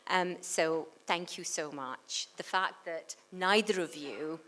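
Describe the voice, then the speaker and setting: A woman's voice: fairly low pitch, takes it slowly, fairly bright tone. A middle-aged woman from Hyderabad, India, giving a humorous, self-mocking speech at the launch of her book. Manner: self-mocking, puts on voices for jokes. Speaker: author. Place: cultural centre event hall.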